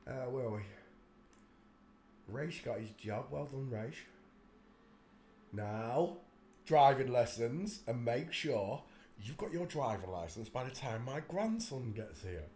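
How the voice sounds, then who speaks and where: A man's voice: mid-range voice, expressive, slow pace, long pauses, a little mellow, a little hiss or hum. An older man with a chesty cough, hosting a live stream from a room at home. He chats and preaches in a rambling, apologetic way and breaks off to cough.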